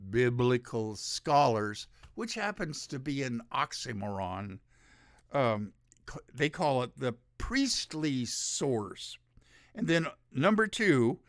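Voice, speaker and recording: A man's voice: mid-range voice, a bit bright, dry recording, clean studio sound. A man hosting his own show, giving rambling, sarcastic solo commentary. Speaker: show host.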